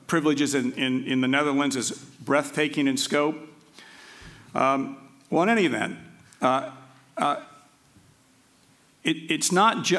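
Halting male law lecturer. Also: medium pitch, vocal fry, fairly bright tone. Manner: halting, with frequent restarts and filler words; aside-prone and conversational. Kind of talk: academic lecture.

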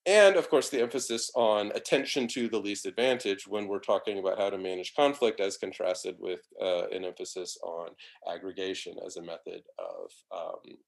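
A man's voice: sits low, vocal fry. A middle-aged man giving an academic philosophy lecture, talking in a discursive way full of restarts and fillers.

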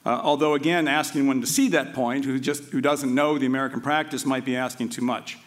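Halting male law lecturer. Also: mid-range voice, fairly even intonation. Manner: halting, with frequent restarts and filler words; aside-prone and conversational. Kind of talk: academic lecture.

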